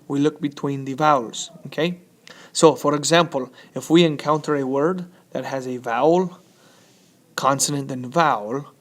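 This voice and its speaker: Guy teaching spanish off slides, slightly high voice, chatty, keeps going "okay?". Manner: repeats "okay?" to check in, upbeat and chatty. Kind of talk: explaining a slide lesson.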